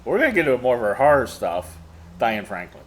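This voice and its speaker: A man's voice: mid-range voice, sing-song, fast. An easygoing man hosts a weekly interview podcast, chatting loosely with plenty of fillers. His voice sits in the middle range for a man. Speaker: podcast host. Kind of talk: casual interview hosting.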